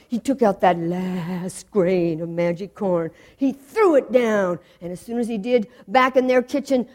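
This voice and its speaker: A woman telling a folktale in an expressive, rhythmic way with sound effects. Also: medium pitch, a little slow, hardly any pauses. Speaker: storyteller. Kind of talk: folktale storytelling.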